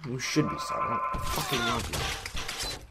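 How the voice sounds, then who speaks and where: A man voicing a gruff father who bluntly scolds and dismisses his son. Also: mid-range voice, animated, unhurried, very noisy, lightly acted. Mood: scornful.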